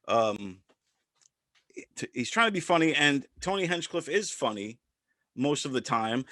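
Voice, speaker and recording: A man's voice: mid-range voice, pushed and bright, dry recording, clean studio sound. A man co-hosting a podcast, talking casually and rambling with frequent restarts and stammers. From part Filipino descent. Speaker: podcast co-host. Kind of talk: casual commentary chat.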